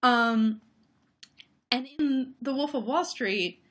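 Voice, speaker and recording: A woman's voice: a little high, takes it slowly, fairly bright tone, a little hiss or hum. A woman film critic talking through her views on movies in a thoughtful, analytical way, with many fillers, over a remote call. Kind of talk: casual conversation about movies.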